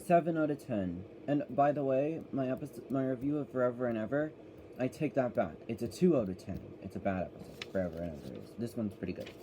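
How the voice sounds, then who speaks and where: A man's voice: medium pitch, lively intonation, quick pace, warm tone, a little hiss or hum, poor audio. A man giving a casual, rambling review of a children's cartoon, often correcting himself as he goes.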